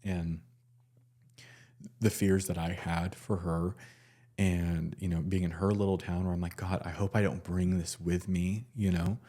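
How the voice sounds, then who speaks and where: Low-voiced man telling a halting story. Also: level tone, mellow. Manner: halting, many fillers and restarts. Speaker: nurse. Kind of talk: casual personal storytelling.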